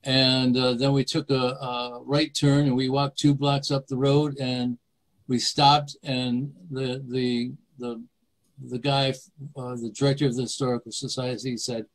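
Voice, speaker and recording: An older man in his seventies, from New York State, recounts a personal story over a video call. He speaks haltingly, stumbling and restarting his words as he goes. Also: medium pitch, little pitch movement, low-quality recording. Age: 70s. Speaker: interview guest, author.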